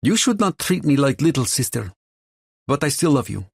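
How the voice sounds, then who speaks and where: A man's voice: medium pitch, big pitch swings, moderate pace, vocal fry, breathy edge, no room sound, studio quality, pitched above the performer's own voice, full character voice. A man voicing a blunt, bossy young woman with a thick Russian accent in an audiobook, speaking in clipped, broken phrases. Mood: scolding. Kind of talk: audiobook character voice.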